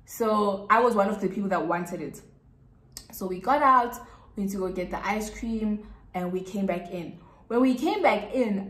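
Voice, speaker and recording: A South African woman telling a casual storytime to her viewers, chatty and repeating words for emphasis. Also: mid-range voice. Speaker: YouTuber. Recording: echoey room.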